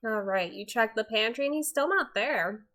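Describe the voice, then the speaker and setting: A woman narrating a tabletop game as game master, casual and quick to laugh. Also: on the high side, animated, a bit bright.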